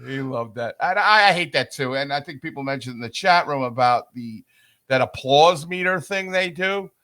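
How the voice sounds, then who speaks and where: A man co-hosting a casual sports podcast, chiming in with jokes and quick comments. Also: on the high side, lively intonation, pushed and bright. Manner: joking interjections. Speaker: podcast co-host. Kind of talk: casual chat.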